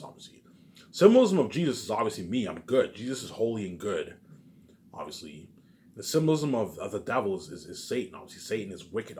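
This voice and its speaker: Over slight background noise, a vlogger with a voice on the low side rambles through a casual talk for his audience, repeating himself often and cursing freely.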